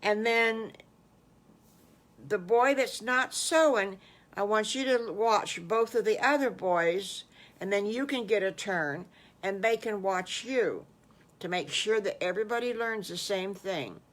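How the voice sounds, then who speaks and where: A woman's voice: mid-range voice, a little slow, fairly bright tone, natural voice. Older woman doing patient mother pig, instructive, storybook. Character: patient mother pig, teaching her sons.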